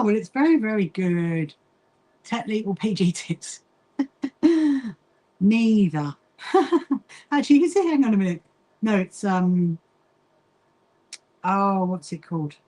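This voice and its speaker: A woman's voice: mid-range voice, darkish tone, poor audio. A middle-aged woman chats casually to viewers while she sews, reading out their comments and laughing often. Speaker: livestream host. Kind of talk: casual chat while sewing.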